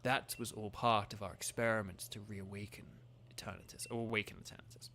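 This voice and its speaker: A man's voice: lowish voice, fairly even intonation, a little fast, pushed and bright, slight background noise, voice pushed down. A man reading a zealous middle-aged businessman villain aloud, in a solemn, self-justifying voice. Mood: solemn, grandiose.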